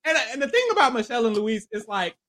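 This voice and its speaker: Fast and a bit bright, with a medium pitch and lively intonation, this voice belongs to a podcast co-host chatting through a reality-show recap. The co-host is playful and profane, laughs often, acts out what contestants said, and talks in loose, profane slang.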